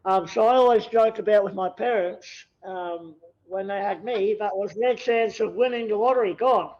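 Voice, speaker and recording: A man's voice: high voice, moderate pace, a little mellow, highs cut off. A man in his thirties, a podcast guest telling his story in a joking, self-deprecating way and laughing easily. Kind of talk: casual interview chat.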